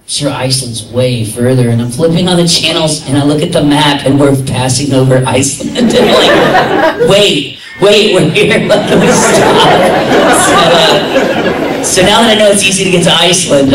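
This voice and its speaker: A man who is a convention guest, telling lively stories at a panel, laughing often and mimicking voices. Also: fairly high pitch. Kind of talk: casual storytelling at a convention panel. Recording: echoey room, somewhat distant, faint noise.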